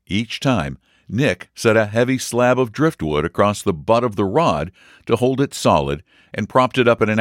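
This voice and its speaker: A man reading a story aloud in a measured, expressive narration. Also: fairly low pitch, dry recording, studio quality. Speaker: audiobook reader. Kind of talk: scripted narration.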